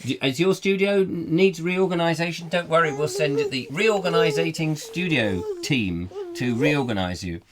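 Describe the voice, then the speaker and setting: Croaky-throated man rambling on a live show. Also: a little high, lively intonation, moderate pace, few pauses, crowd noise. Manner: rambling, playful and absent-minded. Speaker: co-host. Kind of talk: comic live chat show, reading out viewer comments. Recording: live stream with clear background noise.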